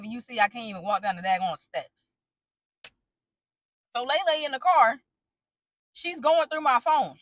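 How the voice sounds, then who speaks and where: A woman's voice: fairly high pitch, moderate pace, pauses often, no room sound, highs cut off. A young woman animatedly retelling a personal story to her viewers in a casual storytime vlog, with dramatic asides. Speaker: storytime vlogger.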